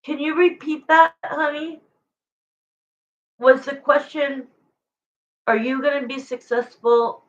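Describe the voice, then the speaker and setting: Slow, chatty woman reading tarot. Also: high voice, highs cut off. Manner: rambling, chatty, emotional, searches for words. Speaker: tarot reader. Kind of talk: live-stream tarot reading to viewers.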